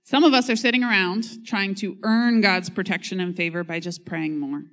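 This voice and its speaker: A woman's voice: medium pitch, steady tone, normal speed. Conversational woman pastor preaching a sermon. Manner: conversational, self-mocking humor; reads scripture and acts out quotes.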